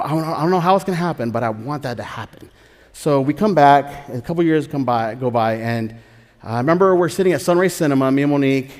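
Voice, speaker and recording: A man telling his own story live on a theater stage, animated and excitable, often laughing as he talks. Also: a little high. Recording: reverberant live theater hall.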